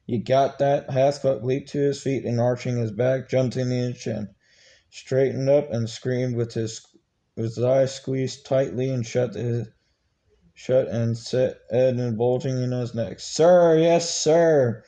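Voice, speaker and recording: Halting man reading a book aloud. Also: medium pitch, little pitch movement, mellow. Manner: halting, stumbling reading with many restarts. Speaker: channel host reading a book.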